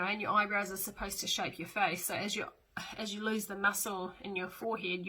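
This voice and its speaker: Bright-voiced chatty middle-aged woman. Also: mid-range voice, low-quality recording. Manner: chatty, with fillers and small asides. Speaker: makeup tutorial host. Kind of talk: casual step-by-step makeup demo.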